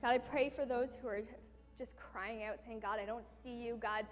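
A woman's voice: fairly high pitch, steady tone, normal speed, faint music behind. A woman preaching a sermon, then leading a closing prayer, speaking earnestly and addressing God over and over. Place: church hall. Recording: reverberant church hall.

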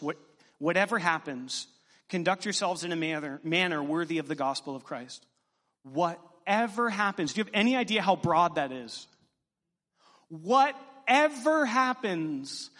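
A man, a pastor, preaching a sermon to his congregation with animated, joking asides. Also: sits high. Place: church sanctuary. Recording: long reverb in a church hall.

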